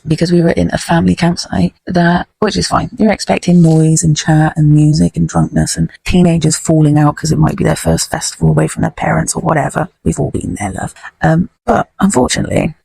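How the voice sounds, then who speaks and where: Gravelly, sweary woman. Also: sits low, steady tone, brisk, hardly any pauses, mellow, slight background noise. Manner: blunt, sweary, rambling storytelling. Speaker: podcast host. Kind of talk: casual podcast chat.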